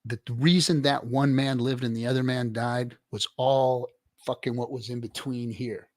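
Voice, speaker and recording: A middle-aged man hosting a livestream, giving profane, preachy motivational rants to his chat with sudden loud swings. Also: mid-range voice, steady tone, normal speed, no echo, studio quality. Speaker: livestream host. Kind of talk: casual livestream chat reading viewer comments.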